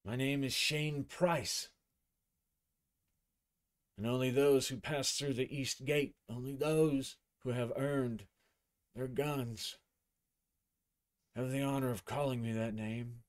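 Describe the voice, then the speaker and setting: A man voicing a dapper, civil male combat instructor whose prim, smooth way of talking is slurred by a smashed face. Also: mid-range voice, fairly even intonation, slow, pauses often, close to an everyday voice. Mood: battered, formal.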